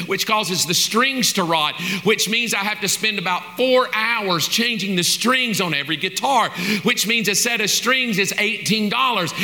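Bright, high-voiced preacher. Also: male voice. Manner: conversational, jokey asides, mock exasperation. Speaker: pastor. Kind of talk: sermon.

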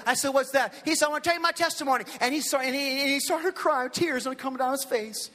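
A man in his forties preaching a lively storytelling sermon, acting out the people in his stories. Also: very high-pitched, quick pace, few pauses. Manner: animated, impersonates characters in his stories. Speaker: pastor. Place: large hall with an audience. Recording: long hall reverb.

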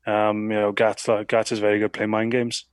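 A rugby player from Wales answers questions in a relaxed, hesitant way, often pausing to think. His voice sits a touch low. The sound is dry and close. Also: clean tone, no echo. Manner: relaxed, hesitant with many ums. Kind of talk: interview answers.

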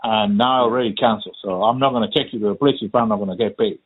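Man, husky, tinny phone-like line, casual profane storyteller who acts out the quotes. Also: fairly low pitch, very fast.

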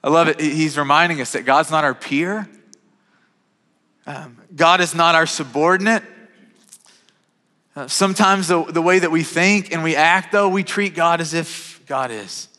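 Man, thirties, pastor, sermon, bright forceful voice, restarts and repeats words, echoing church hall. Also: on the high side, a little slow, long pauses. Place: church sanctuary. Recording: reverberant hall.

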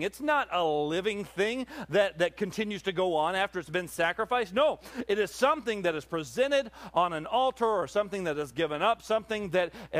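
A male pastor delivering a Sunday sermon, moving from relaxed, conversational asides with fillers to fervent preaching that calls on the congregation to answer. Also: on the high side. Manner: preaching with rising intensity, calls for audience response.

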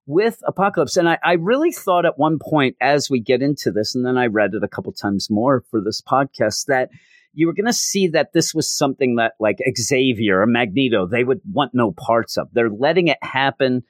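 A man's voice: medium pitch, lively intonation, normal speed, no echo, clean studio sound. Rambling man hosting a podcast. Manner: rambling, self-interrupting. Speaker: podcast host. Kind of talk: casual comic book review.

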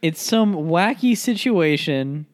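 A man's voice: on the high side, animated, slow pace. Laid-back young guy, casual podcast chat. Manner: laid-back, swears, trails off. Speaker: podcast co-host.

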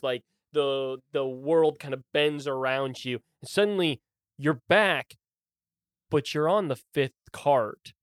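A man's voice: fairly high pitch, clean tone, no echo, studio quality. A young man narrating as game master of a tabletop game, loose and often laughing.

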